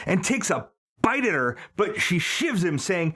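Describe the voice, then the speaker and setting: Early-forties male podcast co-host, lively pitch, comic and insistent. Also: a little slow. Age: early 40s. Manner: spins absurd gross-out bits, pushy and animated. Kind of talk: comedic movie podcast chat.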